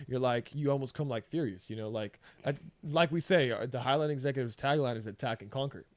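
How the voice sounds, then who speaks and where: A man hosts a casual podcast interview in an easygoing, encouraging way, leaning on fillers like "you know" and "man". His voice sits at an ordinary middle pitch, recorded dry and close. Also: a little fast, no room sound. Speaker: podcast host.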